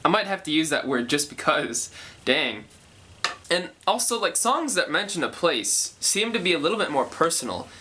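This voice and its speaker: A man's voice: on the high side, big pitch swings, moderate pace, pushed and bright, a little hiss or hum. A young man casually talking through how he writes a song, thinking aloud and correcting himself as he goes. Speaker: songwriter explaining his process. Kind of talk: casual songwriting talk.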